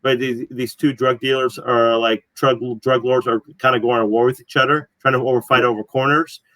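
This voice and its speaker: A man's voice: mid-range voice, level tone, a little fast, fairly bright tone, no room sound, rough recording. A man co-hosting a casual pop culture podcast, retelling a show's plot in a rambling way full of fillers. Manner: rambling, filler-heavy storytelling. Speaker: podcast co-host. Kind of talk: casual chat.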